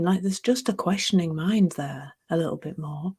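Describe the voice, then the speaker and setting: A middle-aged woman giving a reflective spiritual talk, musing unhurriedly, laughing at herself and dropping into soft near-whispers. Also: lowish voice, normal speed, hardly any pauses, slightly rough.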